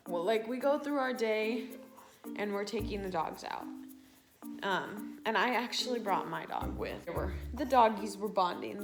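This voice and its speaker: A woman in her late teens, a vlogger telling a personal storytime in a chatty way, full of fillers and quoted asides. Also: mid-range voice. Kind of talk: casual storytime.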